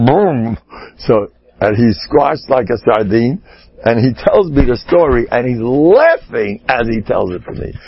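A man's voice: medium pitch, breathy edge, muffled recording. A man telling humorous stories, laughing and mimicking people as he talks. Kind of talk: humorous storytelling talk.

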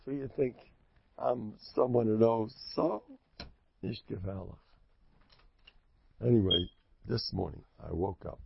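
Gravelly man preaching, dull lo-fi sound. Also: on the low side, slow pace, long pauses, a little hiss or hum. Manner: emphatic, joking, preachy. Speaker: religious speaker. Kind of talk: sermon. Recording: lo-fi dull recording.

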